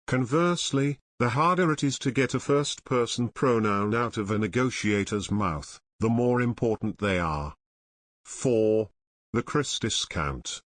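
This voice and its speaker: A man narrating an audiobook summary in a measured, even reading style. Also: lowish voice, no room sound. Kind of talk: scripted narration.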